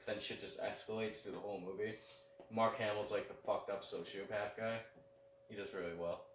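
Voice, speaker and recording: A young man with a lowish voice rambles through casual predictions, peppering his talk with "like." He sits back from the microphone in an echoey room. A faint background hiss runs under him. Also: fairly even intonation, a little fast. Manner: loose, heavy use of "like", confident predictions. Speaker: podcast co-host. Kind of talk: casual chat. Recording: roomy echo, mic at a distance, faint background.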